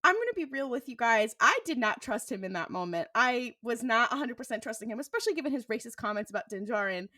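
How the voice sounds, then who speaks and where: A woman's voice: fairly high pitch, fast, hardly any pauses, no echo, clean studio sound, recorded from a distance. A woman co-hosting a podcast, chatting casually and telling stories with acted-out quotes. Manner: animated storytelling with acted-out quotes. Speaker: podcast co-host. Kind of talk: casual chat.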